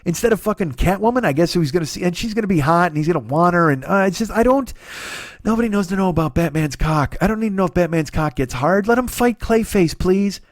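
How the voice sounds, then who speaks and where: A man's voice: high-pitched, expressive, fast talker, no echo, studio quality. A man in his forties hosting a comedy podcast, ranting profanely with stammering restarts and sarcasm.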